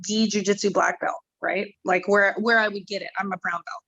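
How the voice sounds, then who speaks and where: A woman mixed martial artist chats casually as an interview guest, rambling and candid, letting the odd swear word slip. Her pitch sits in an ordinary middle range. The recording is dry and close, with no room echo. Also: steady tone, fairly quick, gravelly, bright, forceful tone, muffled recording. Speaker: MMA fighter guest.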